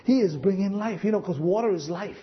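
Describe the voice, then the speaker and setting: A man's voice: high-pitched, a little fast, muffled recording. A man preaching a sermon, telling stories with acted-out quotes and chuckling as he goes. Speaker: pastor.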